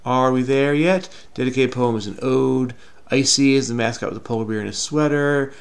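A man's voice: medium pitch, steady tone, moderate pace, gravelly. A middle-aged man casually thinking aloud while solving a crossword, hesitant and self-questioning, often trailing off with "I don't know.".

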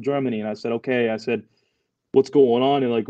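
Fast-talking man telling war stories. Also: mid-range voice, fairly even intonation, mellow, no echo, dull audio. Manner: fast, loose storytelling with lots of fillers and swearing. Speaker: guest, Marine veteran. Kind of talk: casual storytelling interview.

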